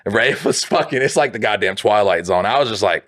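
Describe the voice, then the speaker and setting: Animated Southern man telling stories. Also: lowish voice, fairly quick, dry recording, clean studio sound. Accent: Southern American. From Southern United States. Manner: animated, profane storyteller who laughs through his stories. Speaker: podcast co-host. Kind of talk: casual podcast chat.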